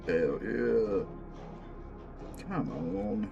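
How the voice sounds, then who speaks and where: A laid-back man chatting slowly with a lively, swinging pitch while he puts miniatures together. He swears freely and laughs often. Faint music plays in the background. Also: lo-fi sound. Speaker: channel host. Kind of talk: casual chat while assembling miniatures.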